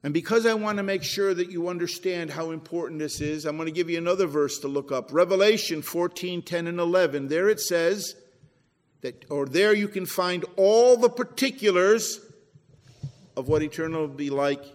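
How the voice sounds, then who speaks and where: A man preaching a sermon as pastor, swinging between emphatic peaks and low, quiet drops. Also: moderate pace, in a large hall. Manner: preachy, rising to emphatic then dropping low. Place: church sanctuary.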